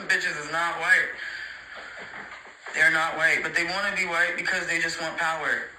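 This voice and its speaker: A man's voice: fairly high pitch, flat delivery, unhurried, pauses often, pushed and bright, slight background noise, low-quality recording. A man in an opinionated, heated rant to the camera, emphatic and profane, repeating his points and mocking others. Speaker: social media creator.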